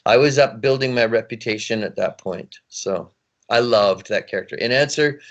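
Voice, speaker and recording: Brief: middle-aged male voice actor as guest, mid pitch, animated and rambling, laughing often. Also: normal speed, lo-fi sound. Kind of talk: casual interview chat.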